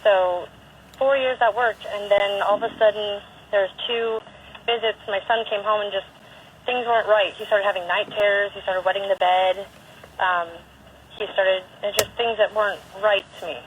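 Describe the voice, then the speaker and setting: A woman calling in to tell an emotional personal account, halting and upset, often restarting her sentences. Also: medium pitch, steady tone, a little hiss or hum. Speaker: caller. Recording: tinny phone line.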